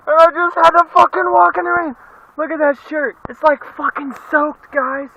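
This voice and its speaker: A man's voice: very high-pitched, brisk, poor audio. A man talking casually and profanely to a phone camera, complaining with mock melodrama while out in the rain and in his car. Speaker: vlogger. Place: outdoors and in a car during heavy rain. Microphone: phone camera held at arm's length. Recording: loud rain noise over phone audio. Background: pouring rain.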